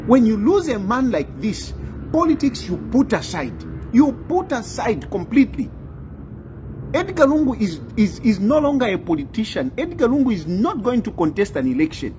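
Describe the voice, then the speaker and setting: Insistent host commentary, repeats lines, lively pitch, dull lo-fi sound, faint hum. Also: normal speed. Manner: insistent, repeats phrases for emphasis. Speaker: channel host. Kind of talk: commentary to camera.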